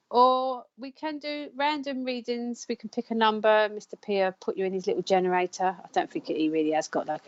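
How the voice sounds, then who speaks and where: A woman's voice: mid-range voice, muffled recording. A woman hosting a live psychic counselling show, chatting casually, laughing often and stumbling over names. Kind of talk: casual live-stream chat.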